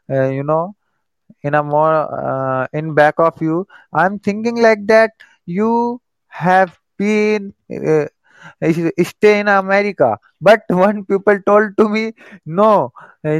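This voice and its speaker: A man calling into a live stream, talking eagerly in halting, broken English with many fillers. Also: sits high, smooth, no echo. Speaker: guest caller. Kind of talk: casual chat.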